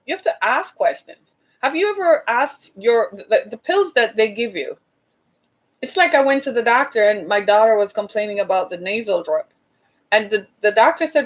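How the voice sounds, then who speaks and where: A woman's voice: fairly high pitch, moderate pace, poor audio. A woman giving an impassioned talk to an audience, urgent and exhorting, repeating her points for emphasis. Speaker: speaker addressing an audience.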